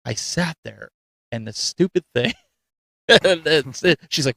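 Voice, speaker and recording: Animated, self-mocking male show host. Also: a little high, slow pace, gravelly, no echo. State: getting a cold. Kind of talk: casual live-stream chat.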